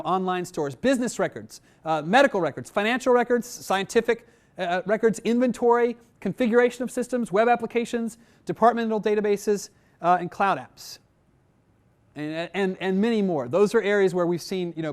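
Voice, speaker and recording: A man's voice: high voice, fairly quick. A man teaching a technical class, talking conversationally with frequent "right?" checks and filler words, addressing his students directly. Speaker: instructor. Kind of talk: technical training lecture.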